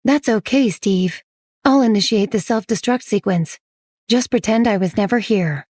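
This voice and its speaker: A woman voicing a sly toy robot that speaks in a calm synthetic monotone. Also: mid-range voice, moderate pace, no room sound, studio quality, natural voice. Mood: calm, teasing. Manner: calm, flat and teasing.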